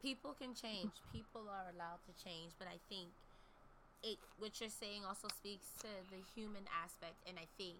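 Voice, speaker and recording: A woman in casual talk, making measured, emphatic points. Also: medium pitch, noisy background. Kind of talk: casual chat.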